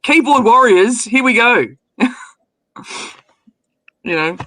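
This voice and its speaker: High, bright storyteller. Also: male voice, slow pace, no room sound, poor audio. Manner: animated storyteller, laughs at his own stories. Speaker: guest. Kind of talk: casual group chat.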